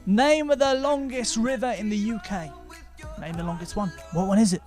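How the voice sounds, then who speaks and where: Teasing quiz host on a webcam stream, jokey, mid pitch, little music in the back. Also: normal speed, darkish tone. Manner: teasing, joking quizmaster. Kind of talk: casual livestream quiz hosting.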